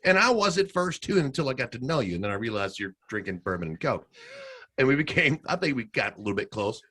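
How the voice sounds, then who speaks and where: Podcast host guy, bright forceful voice, animated, laughs thru his stories. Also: mid-range voice, quick pace, breathy edge. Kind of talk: casual storytelling chat.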